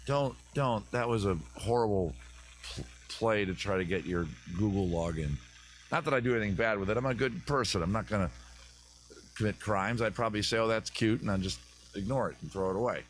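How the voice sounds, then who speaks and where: A man's voice: lowish voice, fairly quick, slight background noise. A man from the US East Coast hosting a comedy advice live stream outdoors in his backyard, rambling and joking on tangents. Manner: rambling, jokey, riffing on tangents.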